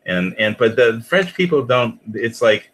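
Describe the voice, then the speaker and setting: A man's voice: medium pitch, very animated, measured pace, fairly bright tone, low-quality recording. A man on a discussion panel, telling rambling stories in a casual, chuckling way.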